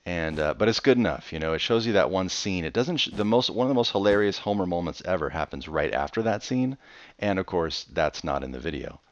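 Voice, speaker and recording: Deep, lively man rambling over gameplay. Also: a little fast. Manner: chatty, rambling storyteller with playful outbursts. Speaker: Minecraft let's player. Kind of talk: casual gameplay commentary. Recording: dull, slightly lo-fi dry recording.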